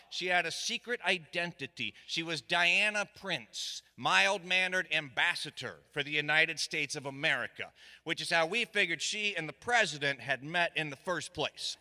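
Animated storyteller. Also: male voice, high-pitched. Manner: animated, shouting quoted lines, dry asides. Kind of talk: live comic storytelling. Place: stage in a hall. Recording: echoey hall reverb.

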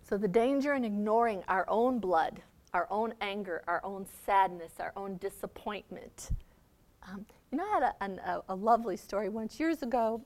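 A middle-aged woman giving a faith seminar talk, conversational and quick to laugh, often checking in with "okay?". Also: medium pitch. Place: seminar room.

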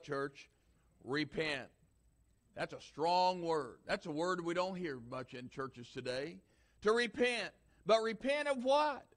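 A high-pitched male pastor delivering a sermon in church. He hammers home his points through repetition, pushing each line harder than the last. His voice rises as he presses the congregation. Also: normal speed, a bit bright. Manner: emphatic preacher, repeating lines with rising force.

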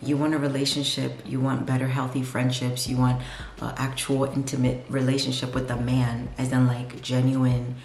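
A woman's voice: very deep voice, monotone, moderate pace, darkish tone, soft background music. A young woman in her twenties talking candidly in a home vlog, rambling and confessional, filled with "like". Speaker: vlogger. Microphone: camera mic, no lapel. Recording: echoey room on camera mic.

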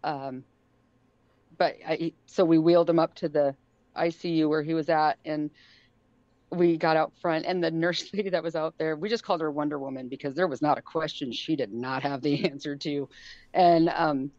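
A middle-aged woman tells a story in a casual, animated way, often laughing and acting out the lines of the people she talks about. Her voice sits fairly low and sounds dry and close. The sound is dull and lo-fi. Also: moderate pace, dry recording. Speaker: guest.

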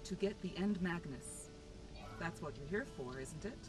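An actress playing a calm, curt young female warrior in a video game, heard distantly over game music. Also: on the low side, normal speed, lightly acted. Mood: cool. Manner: calm, terse, dry. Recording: game audio from far off, under music.

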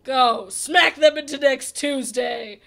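Woman doing a sneering villain dark lord. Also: high voice, creaky, full character voice. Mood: commanding. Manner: sneering, slow, theatrical menace. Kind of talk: reading game dialogue aloud.

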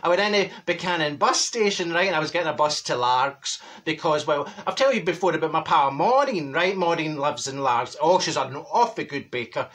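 A man's voice: a little high, expressive, brisk, few pauses, fairly bright tone. A man playing a chatty, gossipy middle-aged Glaswegian woman with a broad Glaswegian accent, telling rambling comic stories full of malapropisms. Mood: gabbing. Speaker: comedy character monologue. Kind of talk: comedic storytelling monologue.

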